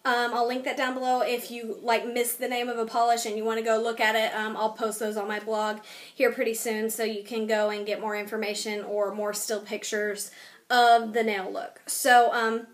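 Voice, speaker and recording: A woman's voice: a little high, level tone, moderate pace. A young woman talking casually through a nail design at home, chatty and full of ums, a little tired. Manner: chatty, filler-heavy with frequent ums. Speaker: beauty vlogger. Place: home, new place with boxes.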